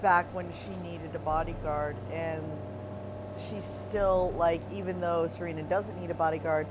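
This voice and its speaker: A woman's voice: on the low side, fairly even intonation, a little slow. A woman chatting casually and bluntly while playing a game with a friend, laughing often. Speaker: gaming co-player. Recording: noticeable background noise.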